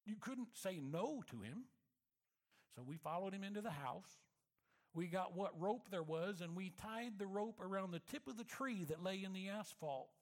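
Man, high pitch, sermon storytelling, reflective, soft emphasis. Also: animated. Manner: reflective, slows and softens for emphasis.

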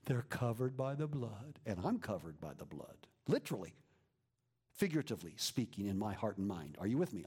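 A man preaching a sermon as a pastor, moving between lively emphasis and hushed whispers. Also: medium pitch, breathy edge. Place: church.

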